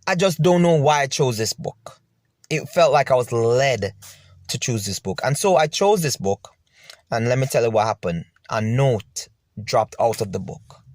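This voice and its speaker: Telling the viewer his painful personal story, a man from Jamaica grows emotional and keeps repeating himself. His mid-range voice is expressive and a little mellow at a moderate pace, with no room sound.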